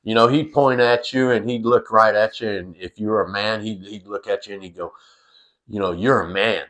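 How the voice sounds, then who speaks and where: A middle-aged man with a lowish, steady, slightly bright voice recounts a humorous family story at a brisk pace. His casual telling wanders, packed with fillers, restarts and salty language now and then.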